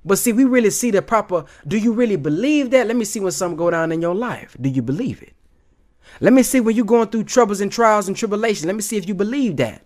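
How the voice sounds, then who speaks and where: A man's voice: sits high, very animated, fast. A man giving casual motivational commentary on video clips, emphatic and slangy, often calling his listener "man".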